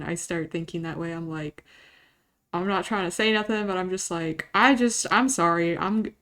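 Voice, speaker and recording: Woman streamer, casual live chat, slightly low voice, rambling and emotional, quick laughs between thoughts. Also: a bit bright. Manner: rambling, emotional, self-interrupting, laughs often.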